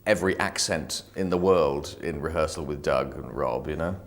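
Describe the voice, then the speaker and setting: A man's voice: rumbling low, moderate pace. A man in an archive interview, animatedly recalling rehearsals and peppering his talk with "you know". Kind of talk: anecdotal interview.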